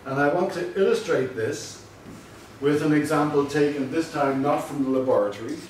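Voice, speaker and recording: Male lecturer, mid-pitched, measured and dry, recorded far off in a very echoey room. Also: slight background noise. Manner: measured, explanatory, dry asides. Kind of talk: university lecture.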